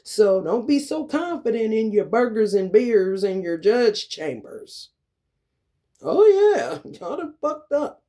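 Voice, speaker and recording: Man in an angry, profane rant. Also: sits high. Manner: profane, confrontational, swings from loud to muttered. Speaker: vlogger. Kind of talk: angry ranting monologue.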